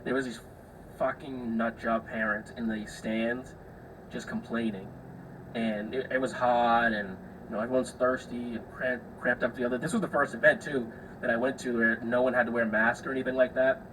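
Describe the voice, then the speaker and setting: A man's voice: medium pitch, flat delivery, normal speed. Young guy podcasting solo, casual rambling stories, swears a bit, mic a little far off, faint hiss. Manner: chatty, swears freely, acts out the people in his stories. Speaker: podcast host.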